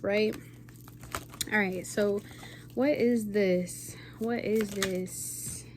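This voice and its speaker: A woman's voice: fairly high pitch, darkish tone, a little hiss or hum. Rambling woman tarot reader saying "okay?". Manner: rambling, checks in with frequent "okay?". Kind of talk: casual intuitive tarot reading.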